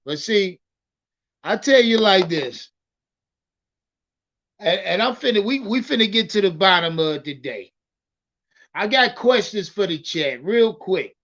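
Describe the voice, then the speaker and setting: High, bright-voiced man streaming sports talk. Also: a little slow, pauses often, highs cut off. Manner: animated, profane, repeats words when starting thoughts. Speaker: livestream sports host. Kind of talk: casual livestream commentary.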